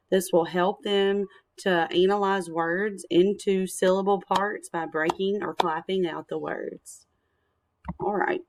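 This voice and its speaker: Slow, gentle woman teaching young children. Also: medium pitch. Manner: gentle, encouraging, slow and clear. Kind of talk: recorded lesson for young children. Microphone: screencast computer mic.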